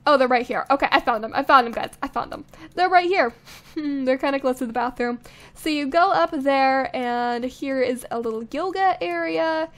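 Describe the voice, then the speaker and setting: Young female host, bright high register, easygoing running game commentary with small laughs; clean close-mic sound. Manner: chatty, thinking aloud, frequent little laughs. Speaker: let's play host. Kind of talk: casual gameplay commentary. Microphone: studio condenser microphone.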